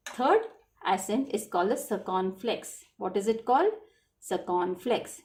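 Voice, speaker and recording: A woman's voice: medium pitch, expressive, measured pace, a little mellow. Woman, children's French teacher; patient, repetitive classroom delivery, spells words letter by letter. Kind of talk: classroom lesson explaining spelling.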